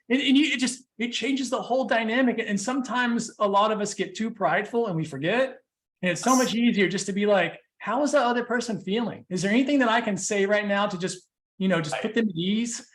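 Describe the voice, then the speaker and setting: A man's voice: high-pitched, brisk, a bit bright. A man talking as a guest on a podcast, telling stories animatedly, with frequent "you know"s and restarts. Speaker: podcast guest, speaker and coach. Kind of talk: casual podcast conversation.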